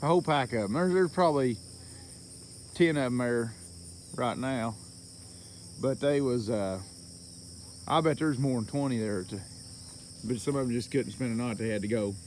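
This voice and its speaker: A man's voice: mid-range voice, moderate pace, pauses often, darkish tone, slight background noise. A man talking casually in a vlog about his mill work, rambling and folksy, chuckling often. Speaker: logger and mill worker vlogger.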